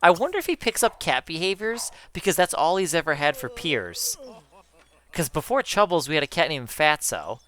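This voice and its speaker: Excitable man chatting while gaming. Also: a little high, moderate pace. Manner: excitable, swears casually, addresses viewers as guys. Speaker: gaming YouTuber. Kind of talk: casual chat while gaming.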